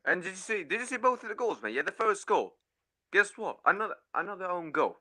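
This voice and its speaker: A man's voice: high-pitched, big pitch swings, a little fast, bright, forceful tone. A man ranting in fury as a caller on a fan stream, swearing and repeating "mate" and "yeah". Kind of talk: angry football fan rant.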